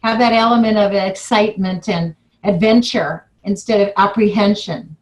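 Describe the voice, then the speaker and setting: A woman hosting a group call, warmly thanking a guest speaker in a gushing, effusive way. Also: mid-range voice, moderate pace, low-quality recording. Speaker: call host. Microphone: phone or computer on a conference call.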